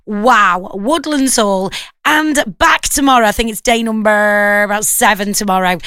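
A woman's voice: medium pitch, normal speed, fairly bright tone, clean tone, no echo, clean studio sound. A woman presenting a morning radio show, chatty and enthusiastic, with rambling asides. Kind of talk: casual morning radio chat. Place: radio studio. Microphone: studio microphone.

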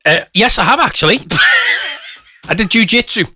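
Male radio host, teasing studio banter, very bright and lively, dry sound. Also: high-pitched, fast, breathy edge, dry recording. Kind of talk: casual on-air banter.

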